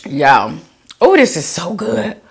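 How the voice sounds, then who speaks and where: A woman's voice: slow, husky. A woman hosting a mukbang video, chatting casually to viewers while eating and reading their comments aloud. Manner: laid-back with lively swoops of pitch. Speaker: mukbang vlogger.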